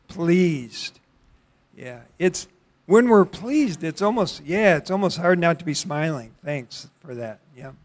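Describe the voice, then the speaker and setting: A middle-aged man leads a church Bible study in a casual, questioning way. His voice sits a little high for a man, and he often restarts his sentences. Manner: conversational, questioning, with halting restarts. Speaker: pastor leading a Bible study. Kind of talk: interactive church sermon.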